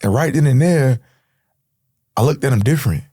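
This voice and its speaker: A man's voice: medium pitch, lively intonation, normal speed, mellow, slightly rough, dry recording, clean studio sound. A young man guest on a podcast, telling an emotional story in street slang, saying bro and man a lot.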